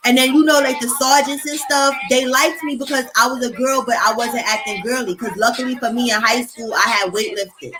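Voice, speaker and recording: A young woman telling stories in a casual chat, animated and profane, acting out the voices of people she quotes. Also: on the high side, brisk, hardly any pauses, crowd noise. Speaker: host.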